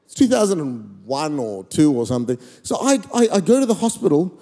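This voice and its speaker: Australian man, middle-aged preacher, high voice, animated storytelling sermon, bursts into shouts, long hall reverb. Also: fairly quick. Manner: animated, acts out dialogue, shouts exhortations.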